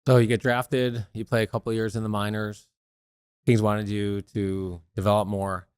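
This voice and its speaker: A man's voice: fairly low pitch, flat delivery, normal speed, smooth, no echo, clean studio sound. A man hosting a podcast, asking his guest questions that sum up the story first. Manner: leading, summarizing questions. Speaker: podcast host, interviewer. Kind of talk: interview questions.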